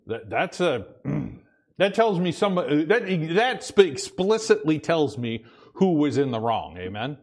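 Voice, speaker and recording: A man preaching a sermon in a relaxed, conversational way, checking in with "amen?" and acting out little everyday scenes. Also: medium pitch, normal speed. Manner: conversational preaching with frequent "amen?" and acted asides. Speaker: pastor.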